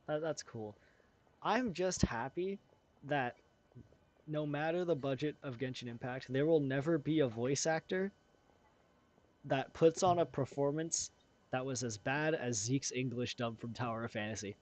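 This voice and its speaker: A man's voice: mid-range voice, measured pace, darkish tone. A young man streaming a game, giving casual, rambling commentary and laughing often.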